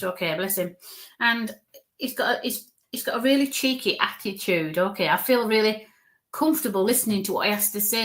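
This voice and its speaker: Northern English woman, live medium reader, talks to viewers in a warm-hearted, reassuring ramble. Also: mid-range voice. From northern England. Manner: chatty, reassuring, repeats okay and bless you. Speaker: medium giving live readings. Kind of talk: live spirit reading to online viewers.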